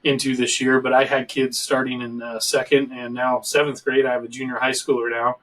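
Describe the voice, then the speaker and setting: A middle-aged man hosts a casual video-call talk show, rambling through joking stories in a voice of ordinary, middling pitch. He sits a little back from his mic, so the sound is slightly distant. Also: little pitch movement, brisk, fairly bright tone. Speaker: show host. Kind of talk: casual podcast chat.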